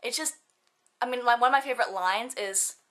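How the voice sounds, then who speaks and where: A woman's voice: a little high, fairly quick, a bit bright. A teenage girl chatting casually in a vlog, bubbly and giggly, with lots of fillers and quoted asides. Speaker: student vlogger.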